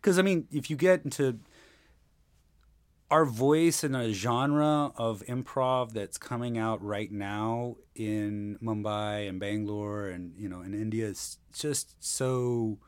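A man's voice: fairly low pitch, slow, clear, resonant tone. A man chatting casually as a podcast guest, rambling and circling back often as he talks. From Seattle area, USA. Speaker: podcast guest, improv performer.

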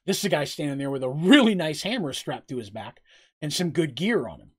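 Game master guy rambling thru his world lore, lots of ums, laughs a lot, kinda high voice. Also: very animated, a little fast, a bit bright, slightly rough. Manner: rambling, heavy on fillers, laughs often. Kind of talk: casual tabletop storytelling and Q&A.

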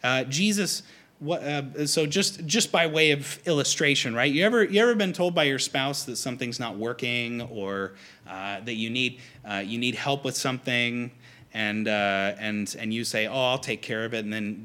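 A man preaching a conversational sermon to a congregation, animated and acting out quoted lines. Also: medium pitch, normal speed. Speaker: pastor.

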